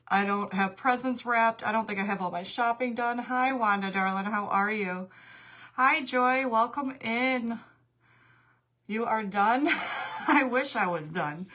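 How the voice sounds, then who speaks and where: A woman's voice: mid-range voice, fairly bright tone. A middle-aged woman chats through a home craft livestream. She greets each viewer by name and laughs easily, a little out of breath. She is recorded on a tablet mic in her craft room. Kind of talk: casual livestream chat.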